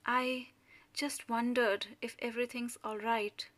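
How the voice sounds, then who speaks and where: A woman voicing an anxious middle-aged neighbour who speaks nervously in a hushed, whispery voice. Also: fairly high pitch, flat delivery, measured pace, dry recording.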